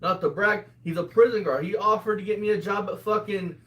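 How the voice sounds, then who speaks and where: High-pitched, brisk and fairly bright, this twenty-something co-host trades foul-mouthed, mocking banter on a commentary show and keeps breaking into laughs. The room echoes and the mic sits at a distance.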